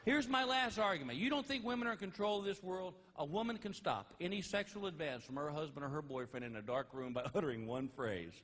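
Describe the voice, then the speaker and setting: A man's voice: fairly high pitch, fairly quick, hardly any pauses. A middle-aged man performing a stand-up comedy routine on a live stage, acting out the people in his stories. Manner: animated, acts out voices. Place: live venue with audience.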